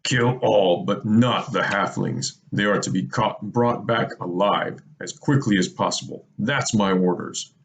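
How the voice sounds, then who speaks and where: A man reading aloud voices a deep-growling orc captain who barks blunt commands. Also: a little slow, gravelly, few pauses, a little hiss or hum. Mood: commanding.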